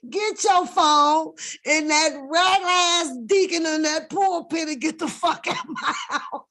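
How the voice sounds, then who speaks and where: Indignant older church mom, voiced by a woman, loud and cussing, high and slow. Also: full character voice. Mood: outraged. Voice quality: shouty, profane, indignant.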